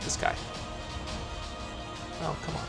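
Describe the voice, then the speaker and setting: A man acting as dungeon master, narrating combat and fighting with the game software. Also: takes it slowly. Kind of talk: running a tabletop game online. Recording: clear background music.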